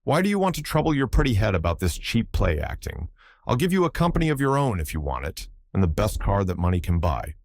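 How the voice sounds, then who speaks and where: A man voicing an older baronet who is overbearing and lecherous, with a husky, pushy way of talking. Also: on the low side, big pitch swings, quick pace, a little mellow, no room sound, clean studio sound. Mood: domineering.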